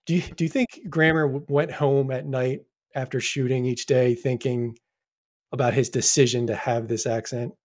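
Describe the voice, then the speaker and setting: A man's voice: medium pitch, flat delivery, normal speed, a little mellow. A man co-hosting a podcast, chatting about a film in an easygoing way with frequent restarts. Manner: easygoing, hesitant restarts, laughs along. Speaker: podcast co-host. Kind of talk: casual movie discussion.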